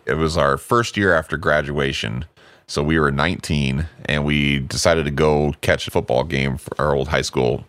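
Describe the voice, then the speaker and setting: A man in his forties telling stories in casual chat, animated and acting out voices as he goes. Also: rumbling low, normal speed, no echo. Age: 40s. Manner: animated storytelling, acts out voices in quotes.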